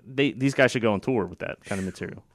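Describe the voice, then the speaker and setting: A man's voice: on the low side, fast, no room sound, clean studio sound. A man hosting a political talk show, opinionated and sarcastic, with frequent fillers and restarts. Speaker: radio show host.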